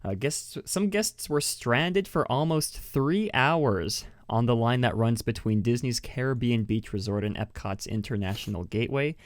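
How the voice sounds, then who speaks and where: A man's voice: mid-range voice, expressive, moderate pace, few pauses, no room sound, clean studio sound. A man from New Mexico hosting a casual podcast, chatty, laughing often and restarting his sentences. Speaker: podcast host.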